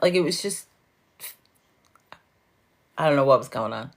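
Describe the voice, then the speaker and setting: Very low, gravelly woman in her fifties. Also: lively intonation, unhurried, pauses often. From New York. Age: 50s. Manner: laughing, chatty, swears freely. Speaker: livestream host. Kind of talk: casual chat with viewers.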